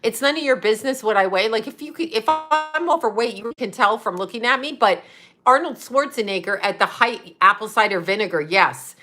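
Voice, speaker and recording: Blunt, cussing middle-aged woman from Canada, host of a chatty livestream, bright forceful tone. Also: a little high, lively intonation, soft background music. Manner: blunt, profane, fast-shifting rant with laughs. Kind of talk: casual livestream rant.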